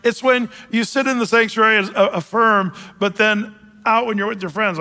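A man preaching a casual, conversational sermon in a church sanctuary, with many fillers, sometimes dropping low and soft to act out grumbling. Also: expressive, normal speed, vocal fry, long reverb tail. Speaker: pastor.

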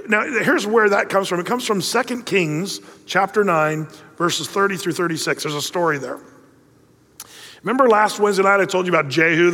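A man's voice: sits high, sharp tone, long reverb tail. A middle-aged man preaching a sermon, telling a story in a conversational way and adding joking asides. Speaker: pastor.

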